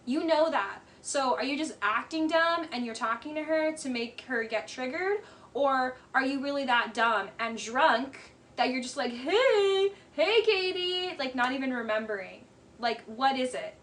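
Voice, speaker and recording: High-voiced blunt woman commentator. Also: normal speed, fairly bright tone. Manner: blunt, sarcastic, mocking impressions. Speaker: show commentator. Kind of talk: casual reaction commentary.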